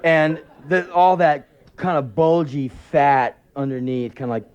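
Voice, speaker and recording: A man's voice: fairly high pitch, fairly even intonation, a little slow, a little mellow, smooth, dull audio. A man telling sarcastic, profane anecdotes in a live spoken word performance.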